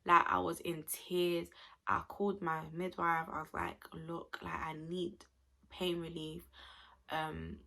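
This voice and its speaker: A woman's voice: lowish voice, steady tone, slow pace, gravelly, pushed and bright. A young woman, chatting expressively to camera as she tells a personal story to her viewers. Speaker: vlogger.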